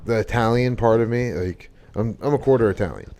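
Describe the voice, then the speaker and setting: A man's voice: mid-range voice, fairly quick, darkish tone, slight background noise. A young man, hosting a casual podcast chat and telling stories loosely, with swearing and laughter. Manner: loose, profane, laughing storytelling. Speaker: podcast host.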